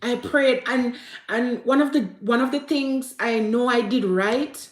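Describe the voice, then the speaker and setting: In an echoey room, a vlogger in her thirties recounts a personal story with deep feeling and tears. Her voice is a little high and unhurried, with a Jamaican accent, and she repeats herself and mixes in patois.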